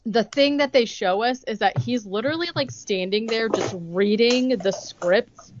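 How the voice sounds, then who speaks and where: A woman's voice: fairly high pitch, unhurried, lo-fi sound, noisy background. A young woman co-hosting a podcast, retelling a movie plot in casual chat, full of "like" and acted-out quotes. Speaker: podcast co-host recapping a movie.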